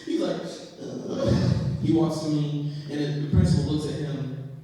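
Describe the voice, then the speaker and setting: A young man doing stand-up comedy, telling a story in a profane, animated way and acting out the voices of the people in it. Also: on the high side, brisk. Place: comedy stage in a hall. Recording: echoey hall, voice from far off.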